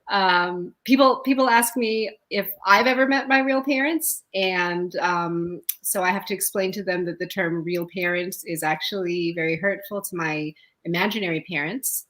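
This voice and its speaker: A woman's voice: on the low side, moderate pace, low-quality recording. Woman in her fifties doing stand-up. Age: 50s. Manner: laughs often, deadpan punchlines. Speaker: stand-up comedian. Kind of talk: stand-up set, casual storytelling.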